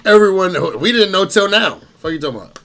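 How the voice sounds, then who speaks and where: A man's voice: high voice, expressive, fast talker, a bit bright. A man joking loosely as he reacts to a clip and talks to his chat. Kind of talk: casual reaction commentary.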